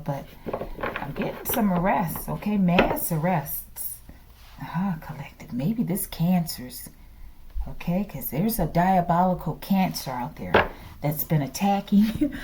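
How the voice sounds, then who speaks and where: A woman's voice: lowish voice, noisy background. A woman giving a channeled tarot reading to her viewers, chatty, laughing often and dropping into whispers. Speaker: tarot reader.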